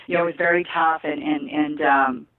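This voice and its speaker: A woman's voice: low voice, moderate pace. A middle-aged woman from California, telling stories in a casual interview, laughing and acting out what people said. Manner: animated, laughing, acts out quotes. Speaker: guest, former wrestler. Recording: tinny phone line.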